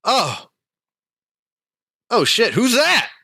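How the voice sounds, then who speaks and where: A man's voice: on the high side, lively intonation, slow, bright, forceful tone, no echo, studio quality, pitched above the performer's own voice, full character voice. A man voicing a startled, soot-covered male tinkerer in a tabletop game.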